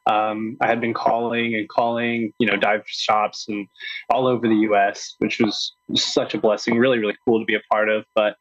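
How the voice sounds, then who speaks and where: A man's voice: on the low side, flat delivery, moderate pace, a bit bright, no room sound, dull audio. A young man, newly joined the team, telling his story eagerly with lots of uhs on a podcast. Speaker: new staff member. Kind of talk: casual podcast chat.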